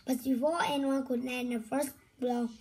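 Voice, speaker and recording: A woman reading a children's storybook aloud, slowly and haltingly, with restarts. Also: sits high, steady tone, a little mellow, low-quality recording. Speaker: reader.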